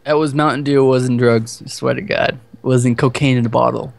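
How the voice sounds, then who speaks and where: A man's voice: mid-range voice, steady tone, fairly quick, creaky, background noise. A man co-hosting a gaming video, swearing and teasing his teammate in casual banter over a headset. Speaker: gaming channel co-host.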